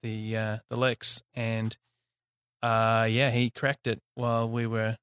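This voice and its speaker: A man with a New Zealand accent, a company founder telling his story in a relaxed interview, laughing easily and pausing on fillers. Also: mid-range voice, clean tone, dry recording, studio quality. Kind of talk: casual interview.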